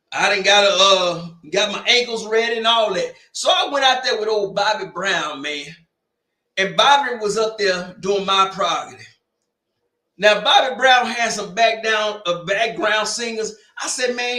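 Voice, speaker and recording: A man in his forties with a bright, high-pitched voice, telling loud, joking stories at an unhurried pace. He rambles from tangent to tangent, and the room around him rings with echo while faint music plays behind. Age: 40s. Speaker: host of a sports watch-party stream. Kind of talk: casual storytelling chat.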